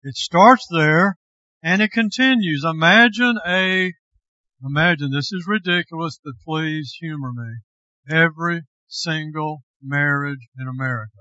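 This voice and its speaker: A man, a pastor, preaching a sermon slowly and with deliberate emphasis. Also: fairly high pitch, pushed and bright, no echo, highs cut off.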